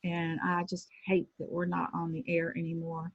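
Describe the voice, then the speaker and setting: A woman in her sixties, a former pro wrestler, telling lively anecdotes in an interview and acting out the people she quotes. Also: on the low side, normal speed. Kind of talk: casual storytelling interview. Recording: dull lo-fi sound.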